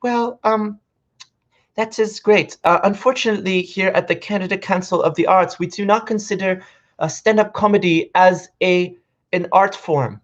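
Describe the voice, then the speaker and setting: A man's voice: high-pitched, takes it slowly, few pauses, a bit bright, voice pushed up. A man imitating a stiff, overly polite male arts-council official on a phone call, in a dull lo-fi recording. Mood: stiffly formal.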